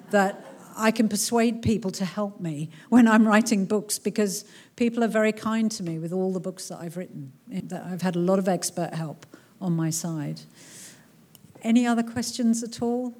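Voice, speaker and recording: A woman's voice: medium pitch, normal speed, darkish tone. Woman, author, chatty, jokey, live audience Q&A. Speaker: author at a public talk. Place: cultural centre hall before a crowd.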